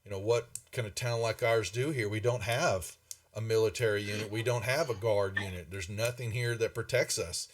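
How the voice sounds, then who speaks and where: A man's voice: lowish voice, fairly even intonation, normal speed, lightly acted. Man doing a weary, resigned innkeeper. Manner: resigned, explaining.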